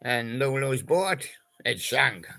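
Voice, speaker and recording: An older man tells jokes about old pop songs in a slow, meandering way, with plenty of pauses. His voice is gravelly yet bright and forward. He slips into snatches of song and silly puns as he goes. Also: medium pitch, expressive, poor audio. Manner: slow, rambling, punning, with little sung snatches and put-on bits. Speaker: storyteller doing joke monologue about old pop songs. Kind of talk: rambling comic monologue.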